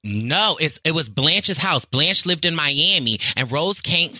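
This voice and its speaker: A man with a Southern accent, a podcast guest in lively casual chat, theatrical and quick to laugh. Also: a little high, dry recording.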